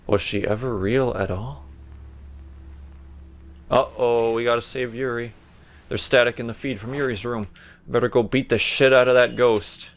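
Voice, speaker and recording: A man's voice: medium pitch, fairly even intonation, normal speed. A man commentating a horror game playthrough, sarcastic and jokey, talking back to the game and reading its notes aloud. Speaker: gaming video host. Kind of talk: let's play commentary.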